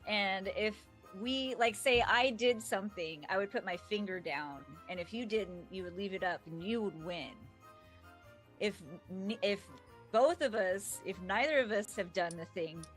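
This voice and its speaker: A woman's voice: mid-range voice, unhurried, faint music behind. A woman co-hosting a livestream, chatting casually and explaining a party game in a plain, agreeable way. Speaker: co-host. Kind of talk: casual chat.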